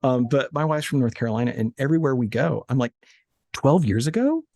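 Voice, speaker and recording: A man in his late thirties from Alabama, a guest telling animated, joking stories from his office with frequent restarts. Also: medium pitch, a little fast, dry recording, clean studio sound. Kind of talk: casual interview chat.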